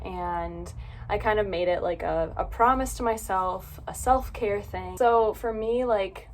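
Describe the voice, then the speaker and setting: A woman's voice: medium pitch, slight background noise. A young adult woman vlogging in a bubbly, gushing way, full of "like" and "oh my gosh". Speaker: book vlogger. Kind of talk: casual vlog chat.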